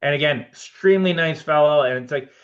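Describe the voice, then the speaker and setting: A man, a production designer guest on a podcast, telling animated anecdotes and acting out both sides of his conversations. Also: on the high side, fairly quick, highs cut off. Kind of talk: casual storytelling interview.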